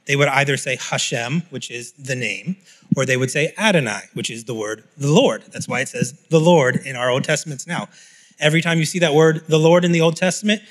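A man's voice: medium pitch, fairly bright tone. Man preaching a conversational sermon. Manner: explanatory, conversational teaching with scripture reading. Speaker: pastor.

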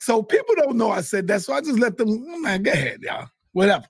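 A man telling a heated, profane story in casual talk, often shouting. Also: high voice, very animated, fairly quick, slightly rough, no echo, clean studio sound. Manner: swears a lot, heated. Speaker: guest. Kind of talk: animated storytelling.

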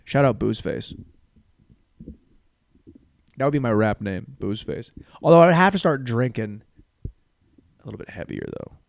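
A man's voice: medium pitch, lively intonation, measured pace, creaky, long pauses, dry recording. A man hosting a podcast and riffing through a crude comedic monologue, rambling and profane. He slips into mock voices along the way.

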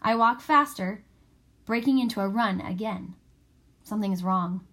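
A woman reading a first-person story aloud in a steady, expressive way. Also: mid-range voice, normal speed. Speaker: audiobook narrator. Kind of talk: scripted first-person narration.

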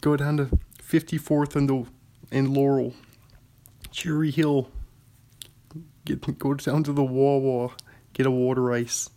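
A man's voice: mid-range voice, little pitch movement, measured pace, pauses often, mellow, natural voice. A man doing a brash Philly local.

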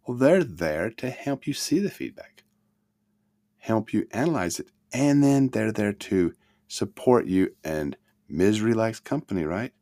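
Deep-voiced man giving an expressive motivational talk. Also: unhurried. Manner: expressive, swings between loud emphasis and soft murmurs. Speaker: self-help teacher.

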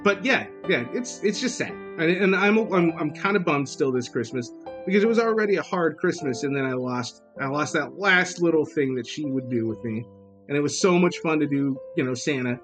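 A man's voice: fairly high pitch, expressive, brisk, a bit bright, faint music behind. A man in his thirties hosting a casual podcast, rambling with crude, self-mocking humor. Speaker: podcast host. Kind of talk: casual drunken podcast chat.

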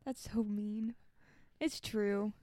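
A woman's voice: medium pitch, fairly even intonation, slow, a little mellow, dry recording. A woman co-hosting a podcast in casual chat, teasing, exasperated and laughing often. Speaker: podcast co-host.

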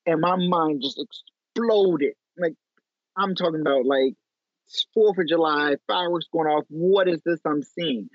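A man from Chicago in his thirties, a photographer telling animated stories with lots of fillers in a casual interview. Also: fairly high pitch, measured pace, dry recording. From Chicago, USA. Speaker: photographer guest. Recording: tinny phone-like line, dry.

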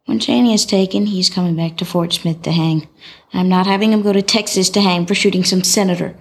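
A woman's voice: lowish voice, fairly even intonation, a little fast, slightly rough. An actress playing a stubborn young girl set on justice, speaking bluntly in formal, old-fashioned sentences. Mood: determined. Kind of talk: film dialogue.

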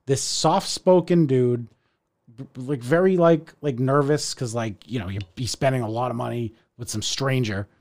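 A man telling a story in casual chat, animated and profane, acting out the people in it. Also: moderate pace. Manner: animated, profane, acts out voices with big pitch jumps. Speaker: podcast co-host telling a story.

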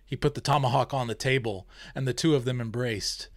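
Man reading a rhymed story, mid pitch, dry close voice. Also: fairly even intonation, brisk, few pauses, no echo. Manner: laughs often, chatty. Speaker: writer reading his own story.

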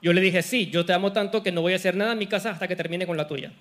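A man interpreting a sermon live, quickly echoing each phrase of the preacher. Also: high-pitched, fairly bright tone. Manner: rapid, echoes the preacher's phrasing.

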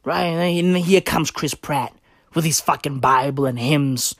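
A woman's voice: deep voice, normal speed, no room sound, studio quality. A woman delivering an improvised comic monologue, crude, profane and rambling, with slangy, brash talk and a catchphrase she keeps repeating.

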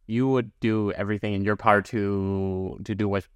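A man's voice: lowish voice, fairly even intonation, normal speed, clean tone, no echo, lo-fi sound. A man co-hosting a casual podcast, supportive, with hesitant starts. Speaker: podcast co-host. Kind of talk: casual chat.

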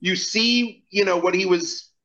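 A man's voice: high-pitched, measured pace, bright, forceful tone, highs cut off. A man in a casual podcast chat who asks indignant questions and often restarts his sentences. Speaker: podcast guest.

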